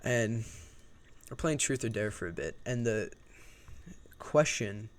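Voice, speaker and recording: A man's voice: fairly low pitch, lively intonation, takes it slowly, a little hiss or hum. A young man telling a personal story in a loose, profane, rambling storytime vlog.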